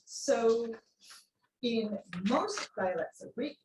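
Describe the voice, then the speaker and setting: A woman's voice: on the high side, drawn-out words, a little mellow, a little hiss or hum. A woman giving an academic seminar lecture, explaining as she goes with frequent ums and answering questions from the room. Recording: echoey room, voice a bit distant.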